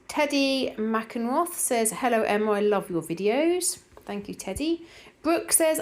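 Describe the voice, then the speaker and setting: A middle-aged woman with a Norfolk accent, chatting casually as she reads out viewer comments for her decluttering vlog, rambling with plenty of fillers. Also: medium pitch. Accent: Norfolk English. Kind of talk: casual chat, reading comments aloud.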